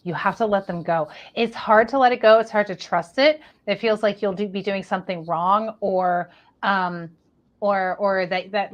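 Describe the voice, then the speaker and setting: Female psychic reader, calm and reassuring, gentle repetitive delivery. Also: mid-range voice, muffled recording. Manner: soothing, reassuring, repetitive phrasing. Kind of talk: live spiritual reading.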